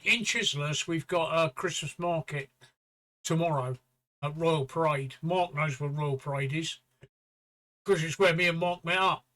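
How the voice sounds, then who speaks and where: Sweary older man with a bright voice. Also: a little high, a little slow. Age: 50s or 60s. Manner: blunt, sweary storytelling. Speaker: stream co-host. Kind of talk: casual livestream chat.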